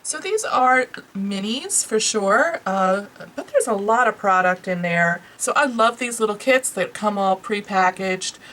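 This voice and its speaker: A woman's voice: mid-range voice, animated, a little slow, hardly any pauses, a bit bright, poor audio. A woman with a New York accent casually and enthusiastically reviewing beauty products she bought, chatting to her viewers. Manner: chatty, enthusiastic, lots of fillers. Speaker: beauty vlogger.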